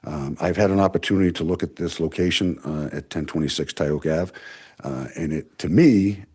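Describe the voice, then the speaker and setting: Very deep husky older man with Boston accent. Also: darkish tone. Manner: mumbling, halting with frequent uh fillers. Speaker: security consultant at public comment. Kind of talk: public comment at a town meeting.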